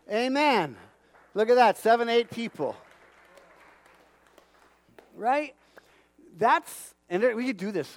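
Male preacher, high voice, close dry mic, animated and calling out to the congregation. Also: dry recording. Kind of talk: sermon.

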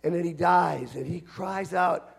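A man preaching a sermon in an earnest manner, dropping to a hush and then building to shouts. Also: high-pitched, unhurried, gravelly, breathy edge.

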